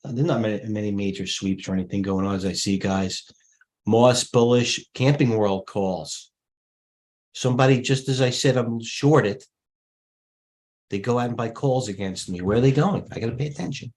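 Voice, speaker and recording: Speaking at a normal pace in a lowish voice with a darkish tone, a middle-aged male host of a stock trading livestream gives rapid-fire live market commentary. Brash, blunt and jumpy, he calls out tickers directly to viewers, sounding out of breath.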